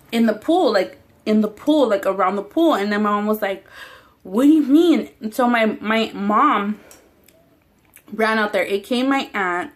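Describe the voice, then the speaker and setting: A woman chatting casually while eating on a mukbang vlog, rambling, swearing freely and often laughing. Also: medium pitch. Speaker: mukbang vlogger.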